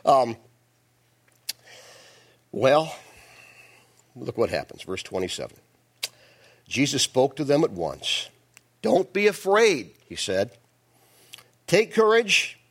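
Lively, folksy male pastor preaching. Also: mid-range voice, slightly rough. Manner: folksy, jokey storytelling with many restarts. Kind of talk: sermon.

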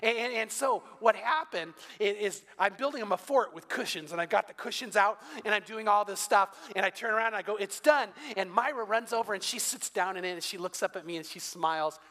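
An older pastor gives a sermon with a conversational, story-driven style and occasional humor. His voice sits high and sounds pushed and bright, fairly quick with few pauses. The church sanctuary lends a long hall reverb.

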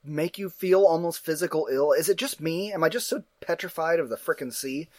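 A man chatting casually about a film he watched, rambling, animated and quick to act out his own confused reactions. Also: a little high, dry recording, clean studio sound. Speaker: movie reviewer. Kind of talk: casual movie review chat.

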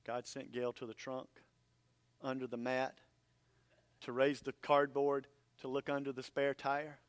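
A man's voice: mid-range voice, monotone, a little slow, clean tone. A man preaching a sermon as pastor, earnest and emphatic.

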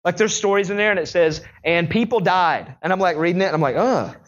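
Young guy pastor preaching, talky and animated, highish voice, kinda dull audio. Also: racing. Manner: conversational, animated storytelling. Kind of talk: sermon.

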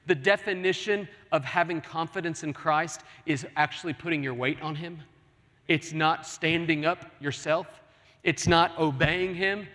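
Earnest pleading pastor in a big hall. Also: male voice, a little high, a little slow, bright, forceful tone. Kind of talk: sermon. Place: large church sanctuary. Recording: long hall reverb.

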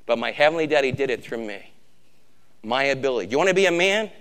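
A man preaching a sermon, emphatic, swinging from loud exhortation to a hushed, intimate tone. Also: medium pitch, expressive, fast talker, clean tone.

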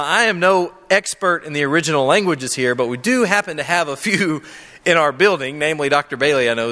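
Pastor, male, earnest and emphatic sermon delivery, fairly high bright voice, long hall reverb. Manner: earnest, emphatic preaching with rhetorical questions. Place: church sanctuary with a live audience.

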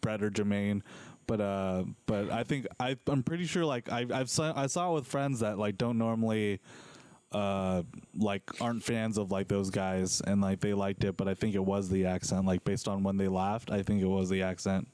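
A man hosting a relaxed casual chat, rambling with lots of fillers and restarts. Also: on the low side, moderate pace, smooth, no room sound. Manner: chatty, rambling, frequent fillers.

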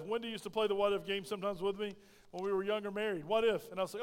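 High-voiced preaching man, hall reverb. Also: fast talker, smooth. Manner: preaching with call-and-response questions to the congregation. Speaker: pastor. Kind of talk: sermon. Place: church sanctuary.

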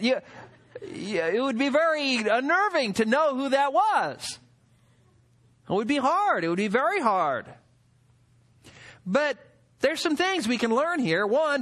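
A man preaching a sermon as a pastor, animated, stepping into quoted voices as he explains a Bible passage. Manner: animated, acts out quoted voices with rising pitch.

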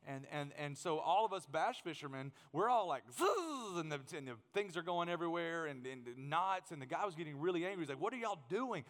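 A man preaching a sermon, telling a funny story in an animated way and acting out the scenes. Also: on the high side, fast talker, few pauses. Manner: animated, humorous, acts out scenes. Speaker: pastor. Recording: long hall reverb.

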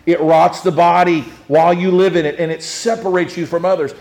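A man's voice: high voice, flat delivery, fairly quick. Earnest preacher man in an echoey room. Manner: swings from hushed to loud, earnest with frequent restarts. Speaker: pastor. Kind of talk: sermon.

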